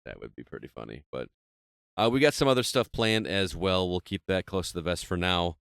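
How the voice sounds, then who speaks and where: Deep-voiced, smooth male podcast host. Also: lively intonation, fairly quick, a bit bright, no echo, studio quality. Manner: chatty, self-deprecating, laughs often. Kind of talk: casual podcast chat.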